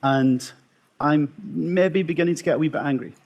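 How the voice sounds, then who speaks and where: A man's voice: a little high, creaky, a little mellow, highs cut off. Wry Scottish man telling stories. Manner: wry, self-mocking storyteller with dramatic pauses. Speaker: emergency consultant giving a talk. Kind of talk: storytelling conference talk.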